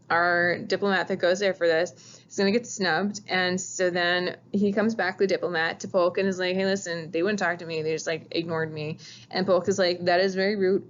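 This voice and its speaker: A woman's voice: medium pitch, lo-fi sound, a little hiss or hum. A woman teaching a casual recorded history lecture, chatty and informal, pointing at a map as she explains. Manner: chatty, says "gonna" and "like", acts out quotes.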